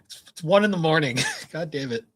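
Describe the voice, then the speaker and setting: Husky young man, laid-back co-host. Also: a little high, expressive, a little fast, a bit bright. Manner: laid-back, swearing, laughing through stories. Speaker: podcast co-host. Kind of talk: casual chat, storytelling.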